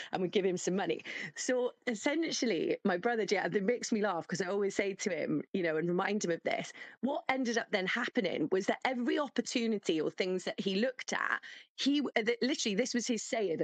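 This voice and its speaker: Woman caller rambling thru a story, um-ing a lot, dry close sound, middle pitch. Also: no echo. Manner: rambling, many fillers and restarts, amused. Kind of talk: casual storytelling.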